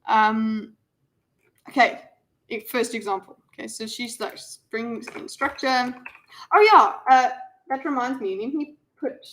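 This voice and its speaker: A woman rambles to her viewers on a live stream, filling her casual commentary with ums and restarts while faint music plays in the background. Her voice is a little high and a bit bright, with fairly even intonation and an unhurried pace.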